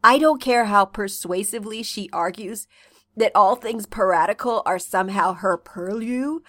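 A woman voicing a sick, cranky young male troll who rants melodramatically, coughing and hoarse, in a fan fiction reading. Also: mid-range voice, moderate pace, fairly bright tone, no room sound, lightly acted. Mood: ranting. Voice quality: coughing, raspy. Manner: melodramatic ranting.

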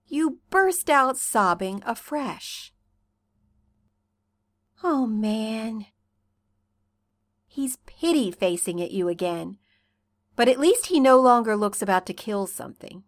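A woman reading a second-person fan fiction story in an intimate, unhurried way. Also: mid-range voice, lively intonation, no echo, studio quality. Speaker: reader.

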